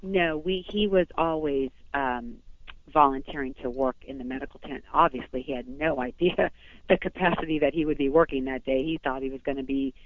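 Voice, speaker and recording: A woman's voice: low voice, brisk, no room sound. Woman telling her story over a tinny phone line. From Southern California. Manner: rambling, breathless retelling with many restarts. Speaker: phone-in guest. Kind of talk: emotional first-person account. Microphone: telephone.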